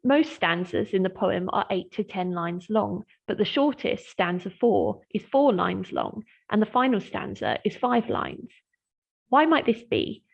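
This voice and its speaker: A woman lecturer in English literature giving a scripted lesson on poetry, explaining in a clear, measured way. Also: mid-range voice, very animated, highs cut off. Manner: clear, measured explanatory delivery, slowing to read verse aloud.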